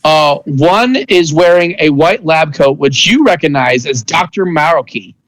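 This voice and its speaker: A man's voice: on the high side, unhurried, fairly bright tone, dry recording, low-quality recording. Rambling young man running a tabletop game. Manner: rambling, many fillers and restarts. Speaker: game master.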